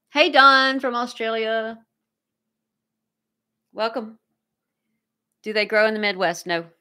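A woman's voice: mid-range voice, pushed and bright. A woman hosting a casual livestream, reading viewer comments aloud and thanking people effusively. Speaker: livestream host.

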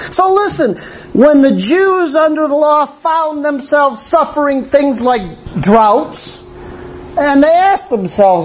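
A male pastor preaching a sermon in a church, animated, with wry asides to the congregation. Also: very high voice, takes it slowly, poor audio.

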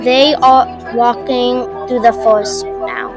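A woman reading a homemade story aloud, halting and restarting, with music behind. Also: on the high side, steady tone.

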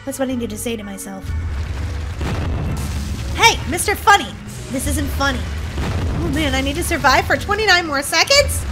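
Woman host, high-pitched and very lively, giggly excitable game commentary with sudden shrieks. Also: moderate pace, pauses often, loud music behind the voice. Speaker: gaming channel host. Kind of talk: playful gameplay commentary.

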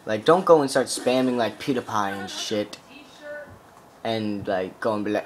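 A man's voice: on the low side, moderate pace, slight background noise. A young man giving casual, rambling gameplay commentary full of "like" fillers and swearing as he plays. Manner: rambling, profane, heavy on "like" fillers.

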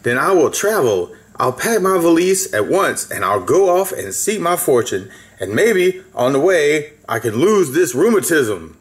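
A man voicing a kindly old gentleman rabbit with rheumatism, polite and old-fashioned. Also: a little high, big pitch swings, unhurried, hardly any pauses.

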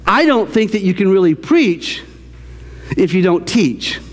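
A man with a high-pitched voice preaches to his congregation, animated and repeating his key phrases for emphasis. His voice rings out with a long reverb across the church sanctuary. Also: measured pace. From American South. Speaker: pastor. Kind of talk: sermon.

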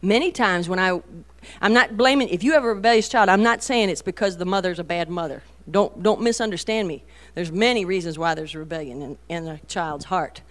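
A middle-aged woman giving a folksy, animated talk to a women's meeting, storytelling with many asides. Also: lowish voice, a little fast. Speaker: Christian women's speaker.

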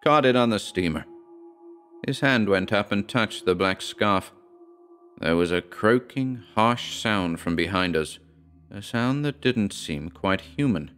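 Deep-voiced man reading horror. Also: expressive, a bit bright, faint music behind. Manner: measured, dramatic reading. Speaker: audiobook narrator. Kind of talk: scripted horror narration.

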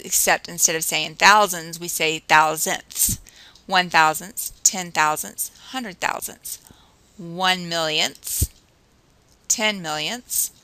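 A woman teacher narrating a recorded math lesson, explaining patiently and counting through drills slowly. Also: lowish voice, pushed and bright, no echo, rough recording.

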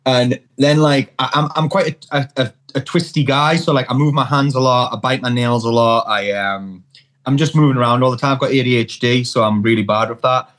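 A man's voice: medium pitch, steady tone, brisk, fairly bright tone. A man from North East England, chatting casually as a podcast guest, telling stories with lots of restarts and swearing. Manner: rambling, sweary storyteller with many restarts. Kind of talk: casual chat.

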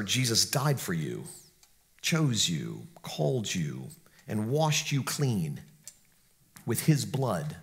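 A male pastor preaching a sermon in an earnest, emphatic manner, dropping to hushed tones and rising again. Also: mid-range voice.

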